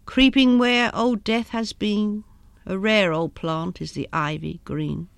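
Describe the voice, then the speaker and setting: A woman voicing a young wife who recites old verse in a soft, slow, far-away manner. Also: medium pitch, smooth, no room sound. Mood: dreamy.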